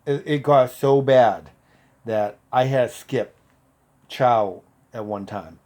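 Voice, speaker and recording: A man in his fifties, a former Marine, casually telling a profane story and getting loud when he quotes people. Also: mid-range voice, slow. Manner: profane, animated, loud when quoting others.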